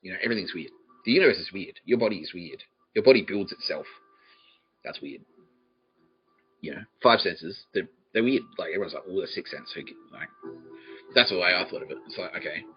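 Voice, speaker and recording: Profane rambling Australian man, low voice. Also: animated, fairly quick, slightly rough, lo-fi sound, faint music behind. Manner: profane, laughing, jumps between quoted voices. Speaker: podcast host. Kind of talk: rambling comic monologue.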